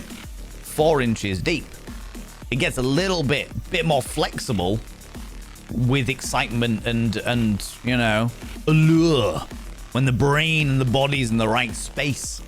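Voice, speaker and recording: A man's voice: mid-range voice, fairly bright tone. A man streaming live and chatting casually, playfully teasing and greeting his viewers by name.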